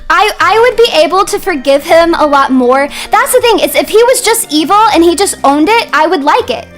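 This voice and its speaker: A young woman streaming, ranting heatedly about characters in a casual way and sometimes rising to shouts. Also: very high-pitched, lively intonation, normal speed, hardly any pauses, soft background music. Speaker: vtuber streamer.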